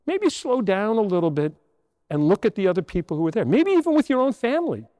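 High, lively older man giving a homily. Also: fast talker, dry recording, long reverb tail. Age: 60s. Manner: storytelling, asks rhetorical questions. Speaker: priest. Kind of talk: homily to children. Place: church.

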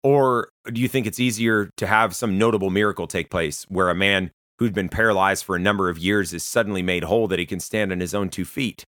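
A man preaching a sermon, walking through a scripture passage in a plain, earnest way and posing rhetorical questions. His voice sits low, and the recording is dry and close with no room echo. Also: fairly even intonation, brisk, few pauses, fairly bright tone.

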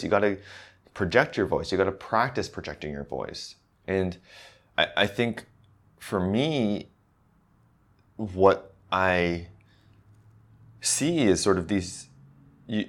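Deep-voiced guy coaching accents, chatty, keeps checking in with "right?". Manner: conversational, repeats words and restarts, says "right?" often. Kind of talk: casual instructional talk.

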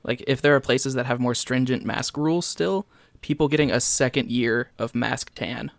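A man's voice: medium pitch, moderate pace, vocal fry, no room sound, clean studio sound. A man co-hosting a podcast in casual chat, with wry, joking asides. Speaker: podcast co-host.

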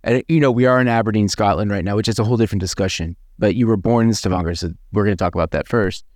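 A man's voice: lowish voice, steady tone, racing, a little mellow, no room sound. A man hosting a podcast interview, asking long rambling questions full of "I mean" and "like". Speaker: podcast host.

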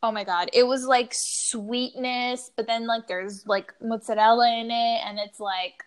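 A woman co-hosts a casual podcast and tells stories in a chatty, animated way. She leans on "like" fillers often. Her voice sits a bit higher than most. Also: a little slow. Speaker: podcast co-host. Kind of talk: casual chat.

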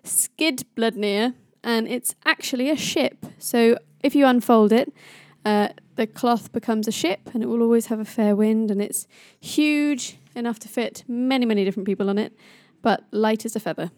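A woman tells a myth in a chatty, playful manner and jokes about stumbling over hard names. Her voice is warm and mellow. It is recorded dry and close to the mic. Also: on the high side, normal speed, few pauses, no room sound. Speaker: storyteller. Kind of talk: casual myth storytelling.

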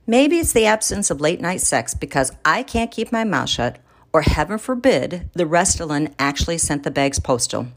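Female narrator, low and very animated, wry and theatrical delivery. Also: moderate pace. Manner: wry, theatrical, big swings in pitch. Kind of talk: first-person story reading.

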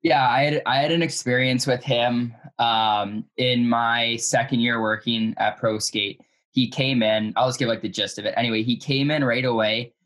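A young male podcast guest recounts a story with plenty of ums and restarts. His voice sits at an ordinary middle pitch, and the delivery stays relaxed and conversational. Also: normal speed. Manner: hesitant, many fillers. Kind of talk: casual storytelling chat.

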